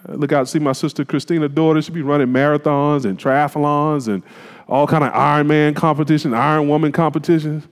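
A man's voice: a little high, fairly even intonation, a little fast, clear, resonant tone. A man preaching a sermon, emphatic and colloquial, putting rhetorical questions to the congregation. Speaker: pastor. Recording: long reverb of a hall.

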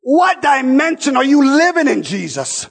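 A man preaching a sermon, shouting out passages and calling to the congregation, then dropping to quieter asides. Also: very high voice, big pitch swings, moderate pace, creaky. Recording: long hall reverb.

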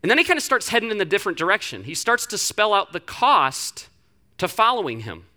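A pastor preaching a lively, conversational sermon, joking and acting out scenes. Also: medium pitch, fairly quick.

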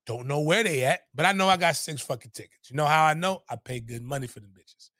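Profane, animated man telling a story. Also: a little high, fast talker, no echo, studio quality. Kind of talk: casual storytelling.

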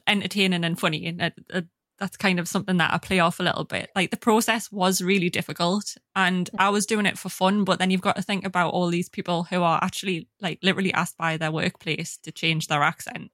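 A woman with a northern English accent speaking in a measured, thoughtful way during a casual chat. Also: on the low side, little pitch movement, a bit bright, no echo.

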